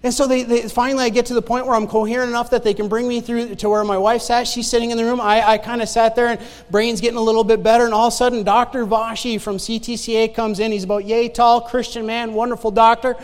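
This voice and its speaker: High-voiced man preaching in a reverberant church. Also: quick pace, hardly any pauses. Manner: animated storyteller, swings between loud exclamation and quiet asides, laughs often. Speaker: guest preacher giving testimony. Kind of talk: sermon testimony. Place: church sanctuary. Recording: long hall reverb in a church.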